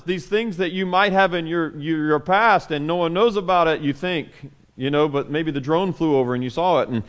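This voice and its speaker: Male pastor, mid-high voice, lively sermon delivery with soft hushed passages. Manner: animated, acts out quotes loudly then drops to soft hushed tones.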